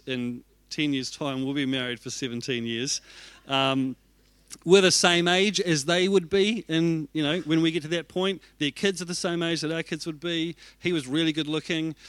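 A man's voice: on the high side, fairly bright tone, smooth, dry recording. A man, an executive pastor telling a self-deprecating story in a sermon and acting out his own reactions.

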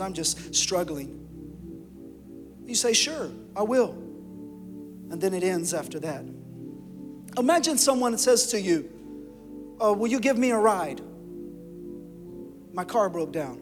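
High-voiced male pastor preaching in a reverberant hall. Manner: impassioned preaching, swinging from loud to hushed. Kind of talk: sermon. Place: church sanctuary. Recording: long hall reverb with music behind.

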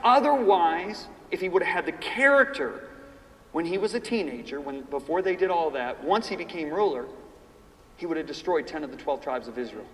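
A man in his fifties teaching a class in a sermon style, telling personal stories and reading scripture slowly and emphatically. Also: a little high. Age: 50s. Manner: animated storytelling, reads scripture slowly and emphatically. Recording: echoey hall from far off, faint ambience.

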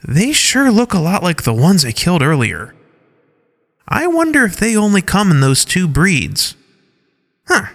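Man voicing a curious clawed female creature for an audio story, raised pitch, long reverb. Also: wildly swooping pitch, measured pace, long pauses, fairly bright tone, exaggerated voice. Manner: wondering, musing.

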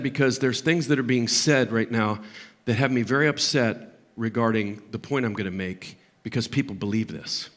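An older pastor delivers an impassioned sermon. His voice swings from loud, emphatic peaks down to low, quiet asides.

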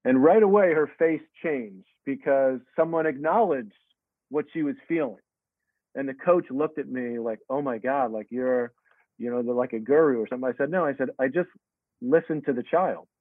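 Speaking at a moderate pace in a mid-range voice, this middle-aged tennis coach reflects earnestly in an interview answer, repeatedly starting over mid-thought. The recording has no echo and sounds dry and tinny, as if over a phone.

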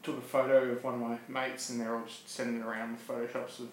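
A man, co-hosting a casual podcast chat, laid-back and quick to laugh. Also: medium pitch, flat delivery, reverberant, a little hiss or hum, low-quality recording. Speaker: podcast co-host.

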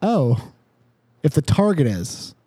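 A man's voice: a little high, big pitch swings, takes it slowly, warm tone, husky, dry recording. A man narrating a tabletop game as dungeon master, laid-back and casually swearing.

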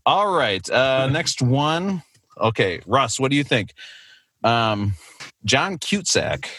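A man's voice: medium pitch, lively intonation, slow, fairly bright tone. A man hosting a casual quiz game with friends over a video call, often laughing at his own jokes. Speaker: quiz host.

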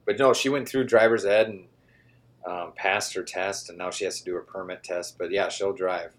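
A man in his forties co-hosting a podcast in casual chat, easygoing and quick to agree. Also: low voice, fairly even intonation. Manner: easygoing, agrees a lot with short yeps. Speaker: podcast co-host.

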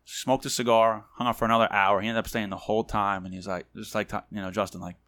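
Chatty low-voiced male podcast host. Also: level tone, fast, a bit bright. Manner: chatty, loose storytelling with many fillers. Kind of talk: casual chat.

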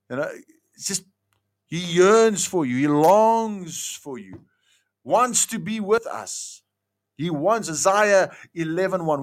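A man's voice: animated, a little slow. Emphatic male preacher. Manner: emphatic, pitch swinging between highs and lows. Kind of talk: sermon.

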